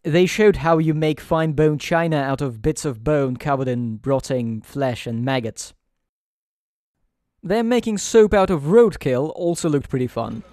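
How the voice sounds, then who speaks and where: A man hosting a let's play with dry, sarcastic commentary. His voice sits fairly high. The recording is close and dry. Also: measured pace, darkish tone, no echo. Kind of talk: gameplay commentary.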